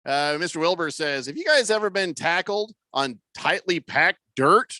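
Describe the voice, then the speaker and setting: A man's voice: a little high, animated, normal speed, pushed and bright, no echo, clean studio sound. A man hosting a sports radio talk show, joking around and reading listener messages aloud. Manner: jokey, reads listener messages aloud, laughs often. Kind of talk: casual sports radio banter.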